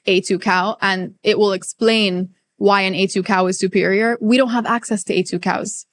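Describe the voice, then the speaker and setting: A woman's voice: medium pitch, fairly even intonation, moderate pace. A woman guest nutritionist in a casual interview, talking emphatically and firing off rhetorical questions. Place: Middle East.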